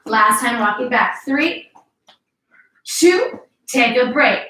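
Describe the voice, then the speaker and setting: There's a noisy background as a woman with a fairly high voice and lively intonation talks slowly through a workout, cueing each move. She's upbeat and encouraging and sometimes out of breath. It's an indoor home workout space, recorded with a distant mic and roomy echo.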